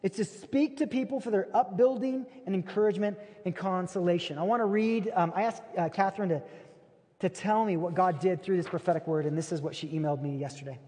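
A man with a notably high voice preaches to a big church crowd, spinning a story in a chatty, animated way. His words ring out with a long hall echo behind them. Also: brisk. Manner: conversational, animated retelling. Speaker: pastor. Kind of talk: sermon with storytelling. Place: large church auditorium.

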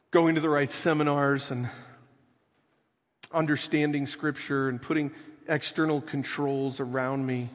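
A male pastor preaching in an earnest, unhurried way, letting his voice fall soft and quiet to drive a point home. His medium-pitched voice rings out with a long reverb, as if filling a large church hall. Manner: slow, earnest preaching with soft dramatic drops. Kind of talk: sermon.

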